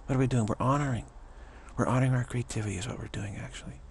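A man giving a rambling spiritual monologue, halting and repetitive, sometimes dropping to a whisper. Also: medium pitch, steady tone, vocal fry, a little hiss or hum. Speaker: spiritual vlogger.

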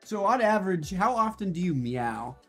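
A man goofing around in online voice chat while gaming, teasing and playful, breaking into sudden squeals and shouts. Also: sits high, sing-song, moderate pace, husky, soft background music. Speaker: gamer and video host.

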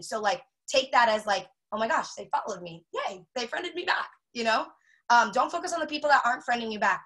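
A woman runs a casual sales training, chatting fast and freely with plenty of filler words. Her voice sits a little high and sounds bright and forceful. She acts out her customer messages in quotes as she goes. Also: rough recording.

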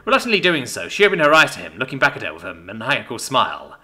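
A man narrating a story in an expressive, animated reading voice. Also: medium pitch, quick pace. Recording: soft background music.

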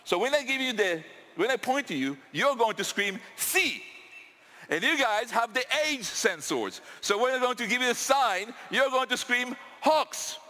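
Bright-voiced man demoing on stage. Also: extremely high pitch, moderate pace. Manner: lively, rallies the audience. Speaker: tech demo presenter. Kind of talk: live on-stage product demo. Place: large conference hall with audience. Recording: echoey hall with crowd noise.

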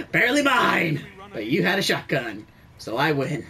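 A young man playing an online shooter, swearing and trash-talking as he comments. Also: on the high side. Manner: profane, excitable trash talk. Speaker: gamer. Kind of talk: let's play commentary.

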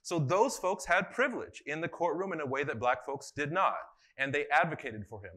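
A man's voice: fairly high pitch, animated, a little fast, fairly bright tone. A man facilitating a conference workshop, talking casually with many fillers and putting questions to the audience in a conference room.

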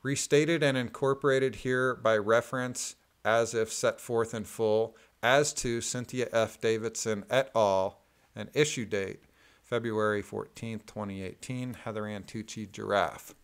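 A man reading court filings aloud in a methodical, deliberate way, adding plain spoken asides. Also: fairly low pitch, fairly even intonation, clear, resonant tone.

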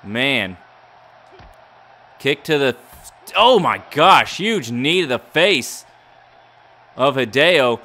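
Gaming YouTuber, male, mock ring-announcer play-by-play, bright and punchy, excitable. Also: mid-range voice, very slow, long pauses. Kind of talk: play-by-play game commentary.

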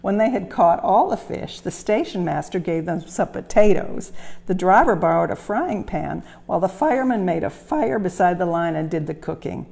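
A woman reading a children's story aloud as a museum storyteller, gentle and expressive. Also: on the low side, normal speed, creaky. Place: railway museum.

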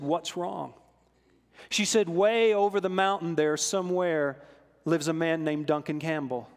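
Preacher man with a lifted voice. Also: fairly high pitch. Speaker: pastor. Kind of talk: sermon storytelling. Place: church sanctuary. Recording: long hall reverb in a church.

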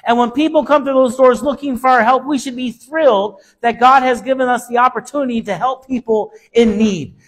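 Brief: man preaching, very high voice, emphatic and repetitive, swings between soft and loud. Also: fairly even intonation, brisk, few pauses, slightly rough. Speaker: pastor. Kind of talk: sermon.

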